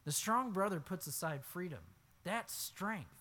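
A man preaching a sermon as pastor, reading scripture aloud and then explaining it, swinging from low asides to loud emphatic exclamations. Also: expressive, a little slow. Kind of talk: expository sermon.

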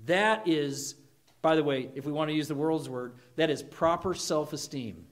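A man delivering a sermon, his voice sitting fairly high for a man. He preaches earnestly, throwing questions at his listeners and slipping into short acted quotes. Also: moderate pace. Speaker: pastor.

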